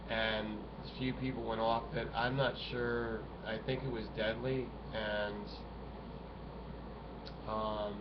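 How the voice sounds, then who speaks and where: A man ranting profanely into a muffled mic. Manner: profane, agitated, rambling with many restarts. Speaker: vlogger. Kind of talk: rambling to-camera rant. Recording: muffled low-fi home recording with faint hiss.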